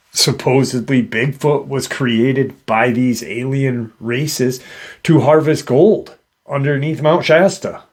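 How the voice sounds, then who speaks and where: A man hosting a paranormal show, retelling an encounter in a casual, rambling way with many fillers and restarts. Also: mid-range voice. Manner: rambling, hesitant, lots of fillers. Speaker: podcast host.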